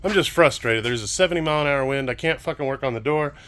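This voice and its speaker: A man's voice: medium pitch, quick pace, a bit bright, a little hiss or hum. A man venting on his vlog, frustrated and swearing as he rants about his day. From Kansas, United States. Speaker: vlogger.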